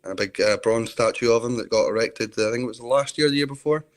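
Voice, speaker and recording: A man's voice: medium pitch, a little fast, poor audio. A Scottish man telling stories in a rambling, enthusiastic casual chat.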